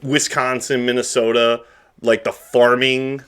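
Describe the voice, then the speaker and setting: A man's voice: medium pitch, flat delivery, unhurried, a bit bright, smooth. A young man co-hosting a podcast, chatting casually and rambling through his thoughts with frequent restarts. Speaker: podcast co-host. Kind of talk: casual chat.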